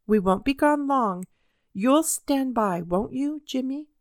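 A woman reading the part of a patient, kindly male country doctor in a storybook, speaking gently and reasonably, with light teasing. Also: high-pitched, expressive, slow pace, no room sound, studio quality, pitched above the performer's own voice. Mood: earnest.

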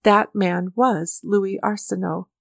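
A woman reading a story aloud as narrator, with measured, mournful storytelling. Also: medium pitch, steady tone, creaky, no echo, clean studio sound. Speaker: audiobook narrator. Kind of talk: scripted narration.

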